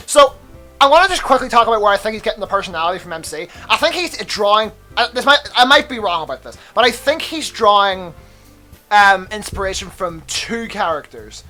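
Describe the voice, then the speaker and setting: A man's voice: high-pitched, expressive, brisk, pushed and bright, faint music behind. A young man hosting a let's play, chatting casually, laughing often, swearing and stopping to rant about the game.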